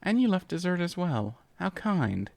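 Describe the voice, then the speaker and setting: A man's voice: high-pitched, very animated, measured pace, creaky, a little mellow, dry recording, pitched above the performer's own voice, full character voice. A man reading a pony story aloud and voicing a vain, scheming female changeling queen who hisses and snaps at her rivals. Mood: gloating. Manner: hissing, snappish and haughty.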